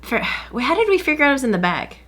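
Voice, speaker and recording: A woman's voice: sits high, big pitch swings, rapid-fire, fairly bright tone. A woman hosting a podcast, chatting casually and retelling a story animatedly, acting out what other people said. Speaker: podcast host.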